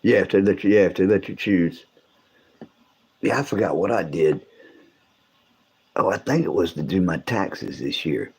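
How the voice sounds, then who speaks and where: A man, hosting a casual livestream, rambling and swearing as he talks to his viewers, his voice gone deeper from coughing. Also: moderate pace, long pauses, a little mellow, husky. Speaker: livestream host.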